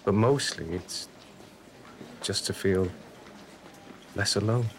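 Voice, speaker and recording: An actor playing a weary medium who doubts himself, talking in a pleading, halting way. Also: male voice, on the low side, creaky, slight background noise. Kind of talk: TV drama acting.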